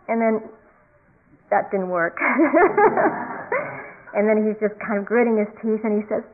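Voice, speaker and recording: A woman meditation teacher giving a reflective dharma talk. She speaks calmly and circles back to repeat key phrases. Her voice sits a little high, and the recording is thin and tinny, like a phone line. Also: moderate pace.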